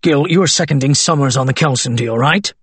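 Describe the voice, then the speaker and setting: Man voicing a middle-aged senior partner, anxious, clipped, impatient, husky. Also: medium pitch, a little fast, a bit bright, no room sound.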